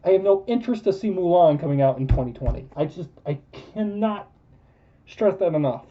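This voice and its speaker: A man's voice: high-pitched, animated, a little fast, a little hiss or hum. A man ranting in a film review vlog, emphatic and repetitive, losing his voice. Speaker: movie reviewer. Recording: dull lo-fi recording.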